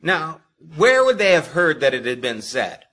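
A male pastor delivers a sermon in a bright, forceful, somewhat high voice. He talks straight to his congregation, leaning hard on key words, then dropping suddenly quiet. The delivery swings between loud emphasis and hushed asides. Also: moderate pace. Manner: expressive, emphatic preaching with sharp swings in loudness; addresses the congregation directly.

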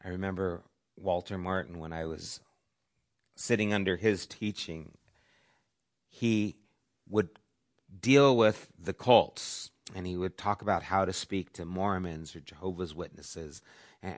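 A middle-aged man preaching a sermon as pastor, who swings between loud, emphatic lines and soft whispers. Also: deep voice. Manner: varies volume, dropping to soft whispers for emphasis.

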